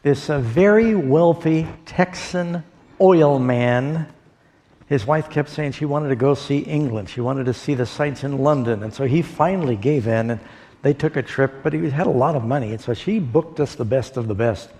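A pastor giving a sermon, telling stories folksily with pauses and fillers. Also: male voice, mid-range voice, warm tone. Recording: long hall reverb.

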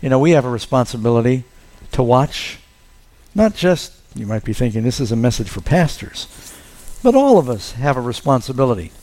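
Guy preaching, mid pitch voice, tells the story and drags out the big words. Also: sing-song, a little mellow. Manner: storytelling, leans on key words with slowed emphasis. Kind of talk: sermon.

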